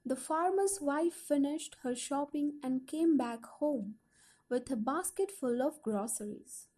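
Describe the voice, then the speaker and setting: A woman reading a school textbook story aloud slowly and carefully, putting some life into the quoted lines. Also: sits high. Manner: slow, careful storytelling with lively quoted voices. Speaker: audiobook reader.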